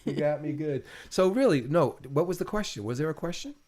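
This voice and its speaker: A man's voice: fairly high pitch, lively intonation, a little fast, a little mellow. A middle-aged man in an intimate casual chat with his partner, rambling and repeating words, often emotional. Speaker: host interviewing his partner.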